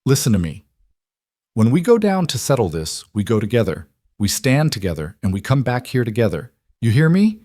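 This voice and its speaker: A man's voice: medium pitch, very animated, normal speed, a little mellow, no room sound, studio quality. A man voicing a plain-spoken, protective frontier trapper in a storybook reading. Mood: firm.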